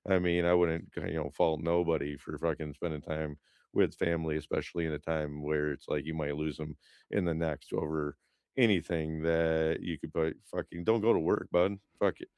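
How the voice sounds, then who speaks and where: A man's voice: fairly even intonation, normal speed, a little mellow, no echo, studio quality. A man co-hosting a podcast, chatting casually and telling rambling stories full of fillers and cursing. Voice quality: smooth low voice. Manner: rambling, profane storytelling with lots of fillers. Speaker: podcast co-host.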